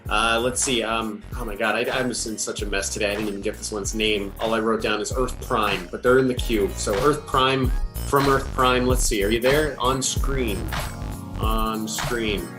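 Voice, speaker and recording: A man's voice: on the low side, fairly even intonation, moderate pace, natural voice. A man improvising a flustered, procrastinating space station log keeper who rambles and corrects himself. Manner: rambling, distracted, self-correcting. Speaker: improv performer playing a space station host. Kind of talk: improvised sci-fi comedy. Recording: echoey room with faint music.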